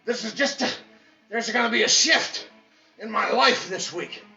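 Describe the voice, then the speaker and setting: A man giving an impassioned motivational pep talk as a fitness instructor, preachy and repetitive, bursting into shouts. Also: high voice, moderate pace, gravelly. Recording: echoey, distant, dull mic with faint music.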